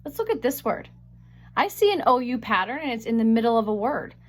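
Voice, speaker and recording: A woman with a fairly high voice teaches a phonics lesson. She sounds out each word slowly and carefully, stretching the vowel sounds. She is picked up by a webcam mic. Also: big pitch swings. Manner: slow, careful sounding out of words.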